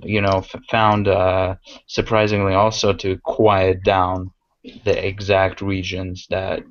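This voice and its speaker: A man with a low, gravelly voice talks in a halting, casual way, full of fillers and restarts. His tone stays flat, and the recording sounds dry and muffled. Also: dry recording. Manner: hesitant, many fillers and restarts. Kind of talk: casual conversation.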